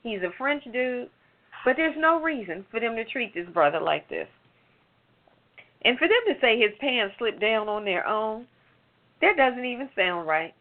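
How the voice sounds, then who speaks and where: A woman's voice: on the high side, big pitch swings, measured pace. A woman giving a heated, sarcastic commentary on a late-night talk show, firing off rhetorical questions. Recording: phone-like narrow sound.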